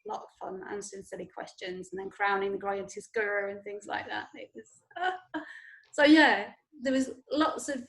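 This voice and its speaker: A woman's voice: medium pitch, animated, normal speed, gravelly, fairly bright tone. A woman guest in a casual chat, laughing often and talking with enthusiasm.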